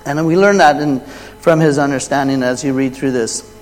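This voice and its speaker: Animated male preacher in a reverberant hall. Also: normal speed. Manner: animated, rising loud for quoted lines, dropping low for asides. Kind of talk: sermon retelling a Bible story.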